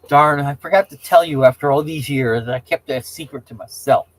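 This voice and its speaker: A man's voice: on the high side, normal speed, low-quality recording. A middle-aged man hosting a casual chat, rambling and opinionated, often restarting his sentences and stumbling over words. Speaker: host chatting with viewers.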